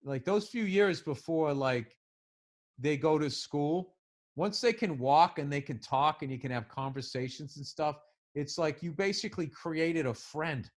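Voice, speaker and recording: A man's voice: fairly high pitch, lively intonation, unhurried. Thoughtful man in casual chat. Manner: reflective, hesitant, profane. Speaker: podcast co-host.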